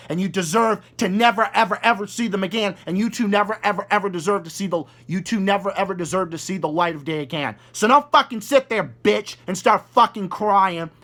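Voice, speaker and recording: Angry profane man, high-pitched voice, ranting hard. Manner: furious, profane, shouting insults. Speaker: video host. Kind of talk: angry rant.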